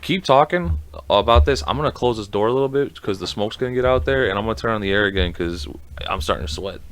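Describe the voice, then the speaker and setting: A man co-hosting a podcast, talking in an animated, profane, joking way in casual chat. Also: lowish voice, fast. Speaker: podcast co-host.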